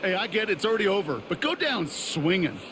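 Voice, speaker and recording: Brief: conversational football analyst, slightly high voice, loud noise in the background. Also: male voice, sing-song, fairly quick. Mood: analytical. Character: chatty male football color analyst. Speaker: color commentator. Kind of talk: scripted sports commentary. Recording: loud game noise underneath.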